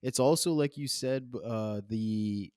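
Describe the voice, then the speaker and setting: A man's voice: mid-range voice, measured pace, darkish tone, clean tone, no room sound, studio quality. A man co-hosting a podcast, talking casually and with energy about a film, using loose slang. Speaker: podcast co-host.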